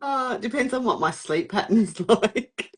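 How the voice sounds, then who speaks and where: A woman chatting easygoingly on a video call, agreeable and quick to laugh. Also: fairly high pitch, expressive, husky. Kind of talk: casual chat.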